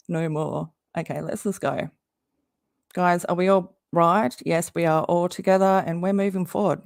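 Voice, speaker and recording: Gravelly-voiced woman streaming. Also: lowish voice, a little mellow, no room sound, studio quality. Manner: chatty, greets viewers, laughs often. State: losing her voice. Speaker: livestream host. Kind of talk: casual livestream commentary. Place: home under a tin roof in rain.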